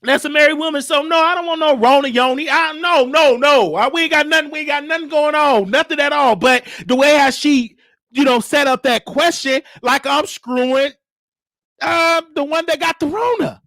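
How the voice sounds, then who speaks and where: A man hosting his own show, telling a story in a casual, animated way and mimicking the people in it. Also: normal speed, no room sound, studio quality. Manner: animated, mimics others, drops to a low crooning voice. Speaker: show host.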